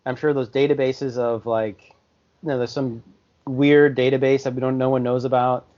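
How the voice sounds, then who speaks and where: A man's voice: medium pitch, little pitch movement, normal speed, darkish tone. Man, podcast co-host, casual, rambling, dull lo-fi recording. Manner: loose, rambling, lots of fillers. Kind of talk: casual chat. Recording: slightly dull lo-fi audio.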